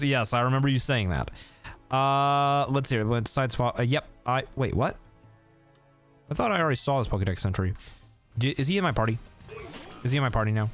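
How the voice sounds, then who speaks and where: Man, streamer, casual gameplay chatter, thinks out loud, laughs easily, mid pitch, faint background music.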